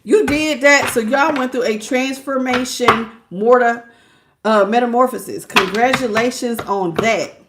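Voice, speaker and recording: A woman giving a live tarot reading, chatty and quick to laugh as she talks straight to her viewers. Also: on the high side, noisy background. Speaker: tarot reader.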